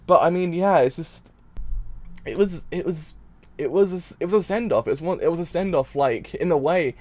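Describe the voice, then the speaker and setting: A man's voice: fairly high pitch, normal speed, a little mellow. A man reacting to an anime episode in a casual stream, rambling and repeating himself while crying. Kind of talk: emotional casual reaction talk.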